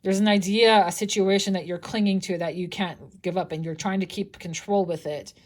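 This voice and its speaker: A woman's voice: fairly low pitch, steady tone, fairly quick, darkish tone. A young woman giving a casual tarot reading, chatty and loose, swearing freely and restarting her sentences often. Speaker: tarot reader.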